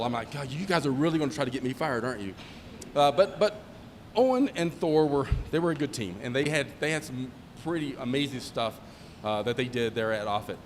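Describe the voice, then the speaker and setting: A middle-aged man, a former squadron commander, giving a joking anecdotal speech at a retirement ceremony and acting out the dialogue in his stories. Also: a little high. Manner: joking storyteller who acts out dialogue. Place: ceremony hall. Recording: long hall reverb, faint ambient noise.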